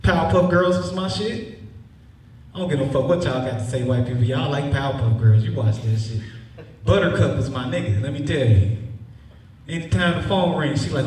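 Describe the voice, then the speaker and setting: A man's voice: fairly high pitch, moderate pace, distant mic. A young man doing a stand-up set, loose and profane, then chatting about his start in comedy. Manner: loose, profane, animated storytelling. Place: stage in a cinema. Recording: echoey hall, voice from off mic, faint noise.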